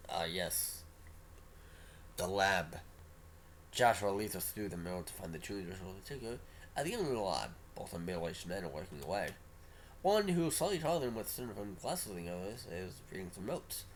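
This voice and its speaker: A male streamer reads a story game aloud with a low voice. His pitch moves around a lot, and he throws in casual, offhand asides. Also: very animated, fairly quick, a little hiss or hum. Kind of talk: reading a visual novel aloud.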